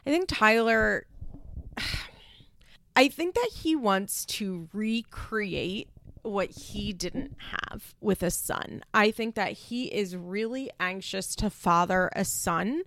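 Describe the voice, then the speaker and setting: A woman's voice: mid-range voice, animated, slow pace, gravelly, fairly bright tone, no room sound. A woman giving her casual opinions on a reality show, talking frankly with lots of fillers and restarts. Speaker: reality TV commentator.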